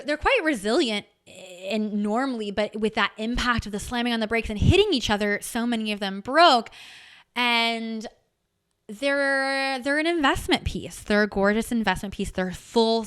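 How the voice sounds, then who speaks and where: A woman hosting a podcast, telling a personal story in a candid, animated way and swearing freely as she goes. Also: medium pitch, clean tone. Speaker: podcast host. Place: home.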